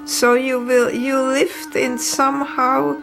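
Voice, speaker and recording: An older woman speaking slowly and searchingly in an interview. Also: high voice, flat delivery, creaky, over music. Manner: slow, searching speech. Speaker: Holocaust survivor interviewee.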